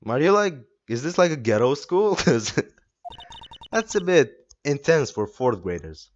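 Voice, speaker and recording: Crude-joking man with a lively voice. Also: medium pitch, unhurried, muffled recording, a little hiss or hum. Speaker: let's play host. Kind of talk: casual gaming commentary. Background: game music.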